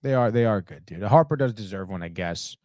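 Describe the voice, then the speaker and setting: This sports podcast host is a young man with a lowish, slightly mellow voice, speaking briskly and with animation. Recorded in studio quality with no echo, he runs a casual live sports chat that's rambling, heated, profane, and full of "dude."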